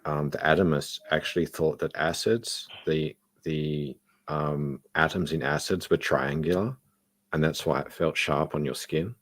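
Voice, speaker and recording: A man's voice: very deep voice, steady tone, a little slow, a bit bright. A man in casual chat, thoughtful and meandering, reading out viewer chat. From Australia. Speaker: podcast co-host.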